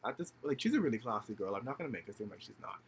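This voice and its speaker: This young vlogger talks rapid-fire in a lowish voice, casually telling a story to camera with a little hiss or hum in the background. Animated and filler-heavy, he uses slang, swears freely and acts out the people he quotes.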